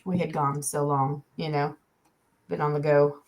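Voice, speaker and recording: A woman's voice: low-pitched, level tone, unhurried, low-quality recording. A woman, a paranormal investigator, talking casually in a group chat. She laughs often and pokes fun at herself. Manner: laughs often, self-deprecating.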